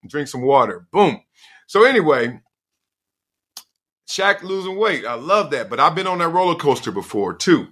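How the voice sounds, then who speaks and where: A middle-aged man hosts a casual podcast on his own, spinning stories with loose slang and frequent laughter. His voice is bright and forceful, and his pitch swoops lively up and down. He talks like he is chatting with old friends. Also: normal speed, long pauses. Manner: animated storyteller, slangy, laughs often. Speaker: podcast host. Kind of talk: casual solo podcast monologue.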